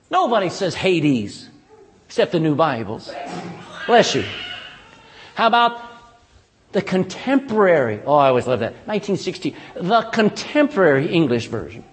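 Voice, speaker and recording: A man preaching a sermon in a folksy, animated way, often asking the congregation "amen?". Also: sits high, in a large hall. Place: church.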